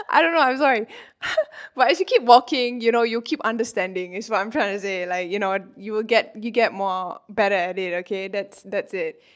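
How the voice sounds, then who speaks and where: A manifestation coach in her twenties talks casually to camera in a medium-pitched voice at normal speed. She's chatty, fills her speech with "like" and "you know," and laughs often.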